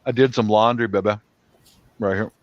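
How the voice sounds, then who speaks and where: Man, casual chat, teasing, rambling, low voice, dry close sound, dull webcam mic. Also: steady tone, normal speed, dry recording. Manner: easygoing, teasing, rambling about cars. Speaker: co-host of a live family stream. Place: family home.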